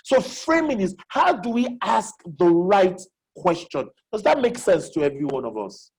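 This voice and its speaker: This facilitator leads a live online webinar lecture, restating important questions and making sure listeners follow along. The medium-pitched voice is sing-song and darkish with a breathy edge, delivered at a moderate pace. It comes through a video call with rough audio quality.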